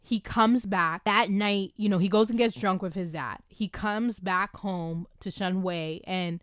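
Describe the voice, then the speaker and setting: A woman host excitedly talking through a book she loves, gushing with lots of fillers, in a casual review chat recorded at home on a desk microphone. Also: mid-range voice, measured pace, no room sound, studio quality. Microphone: desk microphone with camera.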